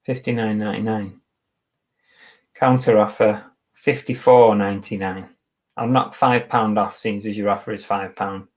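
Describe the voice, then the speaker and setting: A man's voice: lowish voice, fairly even intonation, normal speed. Chatty man muttering while he works. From Manchester, England. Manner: muttering to himself, chatty asides to viewers. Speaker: eBay reseller streaming live. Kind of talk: casual live-stream chatter while working. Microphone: webcam.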